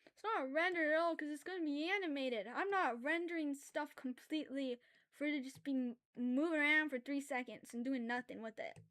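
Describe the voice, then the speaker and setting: A woman with a notably high voice talks to her viewers while she draws on stream. Her tone is casual and conversational, and she rambles easily between comments on her work. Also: brisk. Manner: loud, animated ranting, then quiet and apologetic; chatty and self-aware, with filler words and laughs. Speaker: drawing streamer. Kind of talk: casual livestream chat while drawing.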